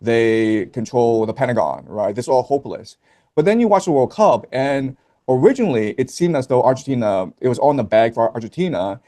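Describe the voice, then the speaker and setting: A man speaking as a guest on a casual stream, laying out his view in a measured way with frequent ums. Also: mid-range voice, very animated, mellow. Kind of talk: casual chat.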